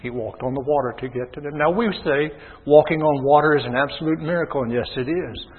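Husky preacher man on tinny, echoing line. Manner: rises to loud impassioned preaching, then drops low and measured. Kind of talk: sermon. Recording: tinny phone-like sound with long hall reverb.

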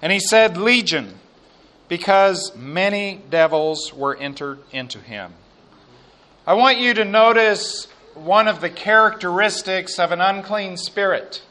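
Slow, bright-voiced male preacher. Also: high-pitched, animated. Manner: slow, emphatic preaching, dropping to quiet asides. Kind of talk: sermon with scripture reading.

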